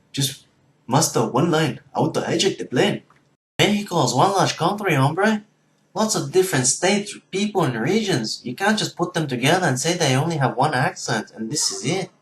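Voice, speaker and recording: A man with a fairly high voice who runs through one accent impression after another. He talks to camera and keeps changing how he pronounces his words. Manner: switching between many mimicked accents. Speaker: YouTuber.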